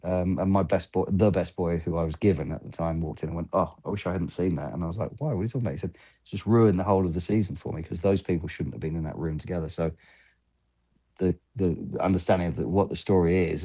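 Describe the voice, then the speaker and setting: A man in his fifties with a deep, dark, mellow voice tells casual, rambling stories from film sets. He keeps slipping into the voices of people he quotes, acting out the back-and-forth. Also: quick pace, husky. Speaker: film lighting gaffer, guest. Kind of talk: casual interview storytelling.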